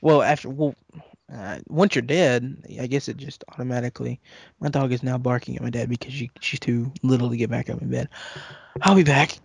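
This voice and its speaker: A man co-hosting a casual podcast chat, halting and restarting his sentences and laughing often. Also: medium pitch, steady tone, gravelly, breathy edge, dry recording. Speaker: podcast co-host.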